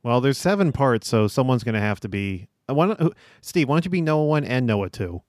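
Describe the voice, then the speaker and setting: A man hosting a casual podcast chat, relaxed and laughing, organizing a group game. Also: mid-range voice, fairly quick, no room sound, studio quality. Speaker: podcast host.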